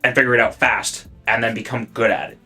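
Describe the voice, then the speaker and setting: A young man from South Africa, now speaking with a Canadian accent, co-hosting a podcast in a rambling, animated way with plenty of swearing. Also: quick pace, breathy edge, soft background music. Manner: rambling, animated, swearing, jumps high when worked up. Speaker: podcast co-host. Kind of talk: casual podcast chat.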